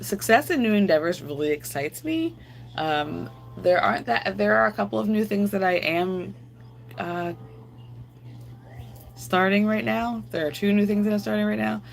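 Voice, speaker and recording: A woman's voice: medium pitch, normal speed, creaky. A woman live streaming, chatting casually and rambling to her viewers while answering their comments aloud.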